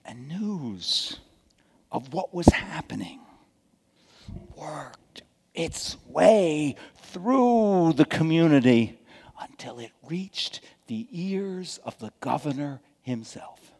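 A middle-aged man, a pastor, preaching a sermon with dramatic swings from hushed to loud and folksy asides. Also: on the high side, sing-song, slow, creaky, husky. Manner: folksy asides and repeated okays. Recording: long hall reverb from a church sanctuary.

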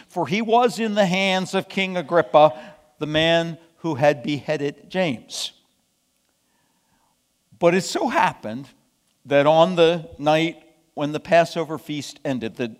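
A man with a high voice preaches slowly, lingering on each phrase. He retells a scripture story with emphasis, pausing to ask the congregation rhetorical questions. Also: big-room sound. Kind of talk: sermon.

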